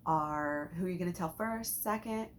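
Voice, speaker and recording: A woman with a low voice guides listeners through a mindset exercise, chatty and loose, circling back with fillers and restarts. A faint hiss sits under the recording. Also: moderate pace. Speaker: mindset coach. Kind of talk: casual guided teaching talk.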